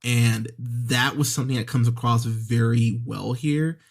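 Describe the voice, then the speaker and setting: A man's voice: mid-range voice, steady tone, unhurried, husky. A man hosting a movie podcast, reviewing an episode in a casual, conversational way, often correcting himself mid-sentence and acting out the characters' lines. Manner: conversational, re-voices characters when quoting scenes; frequent self-corrections and fillers. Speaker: podcast host.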